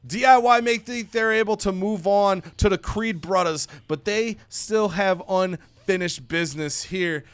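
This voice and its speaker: A man's voice: sits high, a bit bright, clear, resonant tone. A man casually narrating a wrestling video game story with chatty asides.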